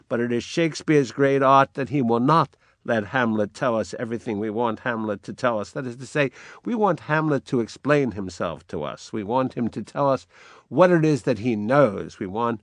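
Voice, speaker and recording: Slow, deliberate older male lecturer. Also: mid-range voice, no room sound. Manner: slow, deliberate, reads quoted lines with rising force. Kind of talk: literary lecture with dramatic readings.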